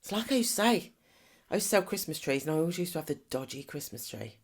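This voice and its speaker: A woman's voice: deep voice, big pitch swings, fast, husky. A middle-aged woman co-hosting a podcast in casual chat, teasing and laughing often. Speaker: podcast co-host.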